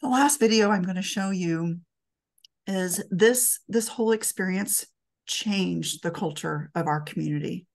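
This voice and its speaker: A middle-aged woman tells an emotional story to an audience. Her voice sits low and has a gravelly fry to it. She talks earnestly, in a storytelling manner. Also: measured pace. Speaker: speaker at a talk. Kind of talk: storytelling talk.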